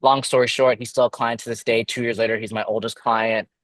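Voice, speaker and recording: A man in his twenties, a real estate agent, telling his story in a casual, animated way, acting out quoted dialogue as he goes. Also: medium pitch, brisk, no echo. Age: 20s.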